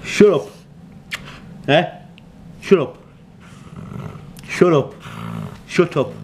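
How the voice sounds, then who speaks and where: Brief: male vlogger, lively playful swings, swears and teases, noisy home-video sound. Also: on the high side, drawn-out words, gravelly. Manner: mock-threatening, teasing, swears a lot. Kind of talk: playful banter with a dog.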